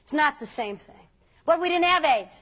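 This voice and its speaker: A woman with a high voice gives an earnest talk to a room of students. She speaks emphatically and leans hard on key words, with a lively, animated delivery. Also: brisk. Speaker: youth speaker.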